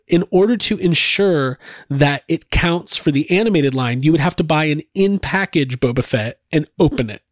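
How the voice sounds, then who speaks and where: A man's voice: a little high, no room sound, studio quality. A man hosting a casual podcast chat, rambling with frequent restarts and laughs. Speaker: podcast host.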